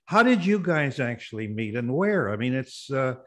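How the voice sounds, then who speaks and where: Halting male interview host. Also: mid-range voice, very animated, fairly bright tone. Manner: halting, many fillers and restarts. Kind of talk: casual interview.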